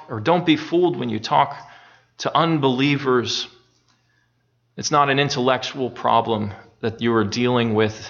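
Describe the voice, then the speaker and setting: A man preaching a sermon in a slow, emphatic way, repeating phrases for weight and rising in earnest on key points. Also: on the high side, fairly bright tone, highs cut off. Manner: slow, deliberate delivery with repetition.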